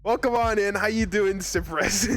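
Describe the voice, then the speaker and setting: A man's voice: high voice, a little slow. A young man from Arizona chatting casually with his live chat as a streamer, rambling and laughing often.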